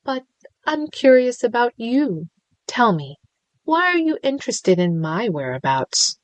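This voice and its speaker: A woman's voice: a little high, big pitch swings, dry recording, voice pushed up. A woman doing a crooning sing-song male villain. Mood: mocking, crooning. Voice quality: lilting, sing-song, drawn-out vowels. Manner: teasing, crooning, mock sympathy.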